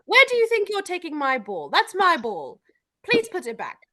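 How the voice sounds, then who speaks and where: A woman's voice: extremely high pitch, wildly swooping pitch, moderate pace, crowd noise, heavily acted. A woman voicing a pampered male Yorkshire terrier in a posh British accent, prim, demanding and overly polite. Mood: indignant. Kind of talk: comedic impression in casual chat.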